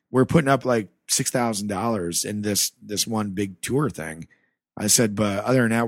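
A man's voice: on the low side, no echo, studio quality. A man guest on a podcast, casually telling a story from his life with lots of swearing and acted-out dialogue, from the American Rust Belt. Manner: animated, swears freely, acts out dialogue.

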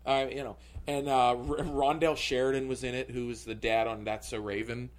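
A man's voice: mid-range voice, flat delivery, normal speed. A male comedian telling a story on a podcast, rambling and full of filler words. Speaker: comedian guest.

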